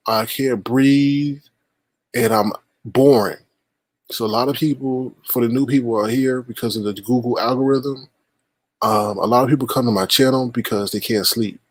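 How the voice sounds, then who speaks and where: A man's voice: mid-range voice, steady tone, moderate pace, darkish tone, dry recording. A man hosting a casual livestream, greeting viewers by name and teasing them in sing-song asides. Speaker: livestream host.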